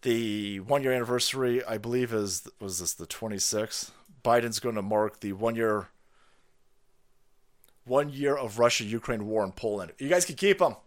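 A man ranting on a live stream, loud, profane and mocking, slipping into sarcastic voices. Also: mid-range voice, moderate pace.

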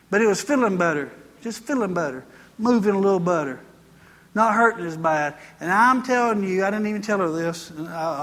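A man's voice: high voice, a bit bright, in a large hall. A male pastor preaching a sermon in a folksy, chatty storytelling way, full of asides.

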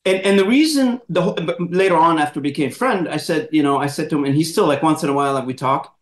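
A man hosting an interview, telling a personal story in a lively, animated way and acting out quotes. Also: fairly high pitch, quick pace, roomy sound. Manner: animated, laughing storyteller who acts out quotes. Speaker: podcast host, moderator. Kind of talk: casual storytelling in conversation.

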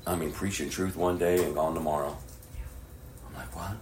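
A middle-aged man preaching a sermon, dropping to hushed whispers and rising to loud, impassioned appeals. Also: rumbling low, steady tone, moderate pace, slight background noise. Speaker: pastor. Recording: echoey room with faint ambience.

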